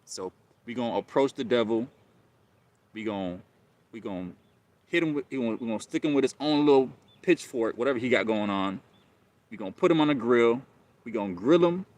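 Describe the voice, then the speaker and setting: A man's voice: mid-range voice, expressive, fairly quick, long pauses, a little mellow. A man hosting a live stream, talking casually and rambling, often repeating himself and calling listeners bro.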